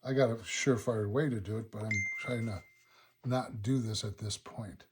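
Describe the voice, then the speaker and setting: A man teaching watercolor, talking calmly through each brushstroke of a painting demonstration and thinking aloud as he works. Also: fairly low pitch, moderate pace, background noise. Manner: relaxed, thinking aloud step by step. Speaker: watercolor instructor. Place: painting studio.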